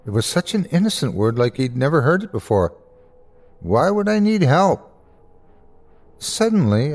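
Guy narrating creepy horror story, slow and dramatic, pitch all over. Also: a little mellow. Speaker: host and narrator.

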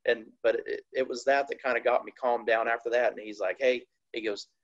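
A man from Indiana, a team owner and former racer, telling racing stories in a casual, animated, plainspoken way. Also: mid-range voice, fairly quick, muffled recording. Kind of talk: casual storytelling interview.

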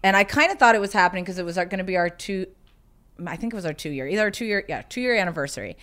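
A woman on a podcast as a guest, telling personal stories in a chatty, animated way. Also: mid-range voice, rapid-fire. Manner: chatty and animated, quoting others as she tells stories. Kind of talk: casual storytelling.

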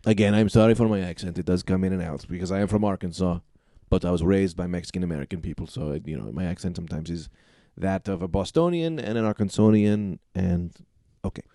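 A man hosting an improv comedy chat, setting up scenes in a rambling, halting way. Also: low voice, mellow, dry recording, studio quality. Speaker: comedy podcast host, sets up scenes.

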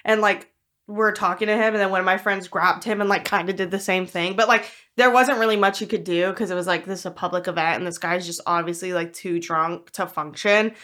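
A woman's voice: lowish voice, brisk. A woman co-hosting a podcast, telling a story in a chatty way, full of fillers and acted-out quotes. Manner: animated storytelling, lots of fillers, acts out quotes. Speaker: podcast co-host. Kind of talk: casual chat.

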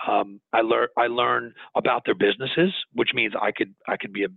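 A man, a business owner, talking earnestly in an interview, animated and restarting his sentences as he goes. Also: medium pitch, moderate pace, vocal fry, husky, dry recording. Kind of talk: conversational interview. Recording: tinny phone-line audio, dry.

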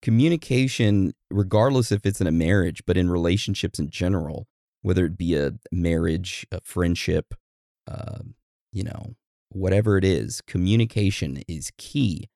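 Gravelly laid-back man. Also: deep voice, moderate pace, dark tone, dry recording, studio quality. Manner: laid-back, rambling, joking. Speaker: podcast co-host. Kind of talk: casual chat.

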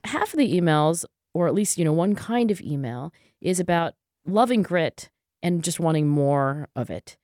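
Earnest woman scientist talking it through, low voice, dry close sound. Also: animated, darkish tone, no echo. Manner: earnest and thoughtful, quick restarts. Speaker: guest, psychologist and author. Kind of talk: interview conversation.

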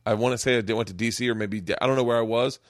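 A man's voice: mid-range voice, fairly even intonation, very fast, dry recording, studio quality. A man hosting a podcast, a comedian telling a story in casual chat, rambling with many restarts and swearing freely. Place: home man cave.

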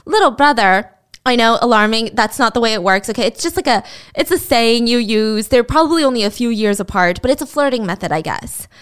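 A woman's voice: a little high, expressive, a little fast, few pauses, smooth. A woman casually telling a gossipy story to her viewers, with chatty asides.

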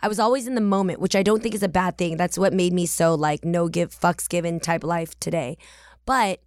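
A woman's voice: fairly low pitch, fairly even intonation, a little fast, a little mellow, dry recording, clean studio sound. Chatty woman in her forties hosting. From San Francisco Bay Area. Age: 40s. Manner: chatty, candid, casual slang and swearing. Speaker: podcast host. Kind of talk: casual podcast monologue.

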